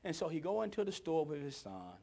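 A man preaching a sermon with dramatic storytelling, moving from hushed whispers to shouting. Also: a little high, sing-song, brisk, creaky.

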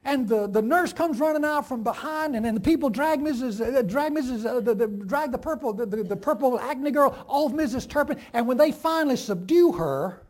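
A man retelling a short story in an animated, excited way, stumbling and restarting as he goes. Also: extremely high pitch, moderate pace, hardly any pauses. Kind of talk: animated storytelling with dramatic readings.

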